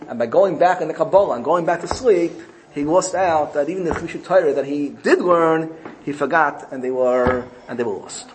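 A man teaching a Torah class, weaving Hebrew terms into his English and slowing down to quote each verse. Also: fairly high pitch, slight background noise, poor audio.

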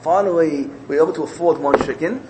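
A man's voice: on the high side, fast talker, noisy background, lightly acted. A man voicing a poor seven-year-old girl who pleads earnestly in a raised, eager voice. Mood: tearful.

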